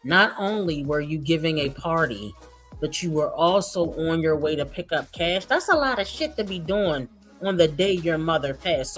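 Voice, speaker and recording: A woman streamer giving sarcastic, gossipy commentary on clips she plays. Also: lowish voice. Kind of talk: reaction commentary.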